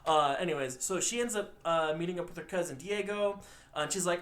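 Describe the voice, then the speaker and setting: A man's voice: high-pitched, fairly quick. A man co-hosting a casual podcast movie review, joking around and acting out the characters. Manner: joking, animated, acts out characters. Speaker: podcast co-host.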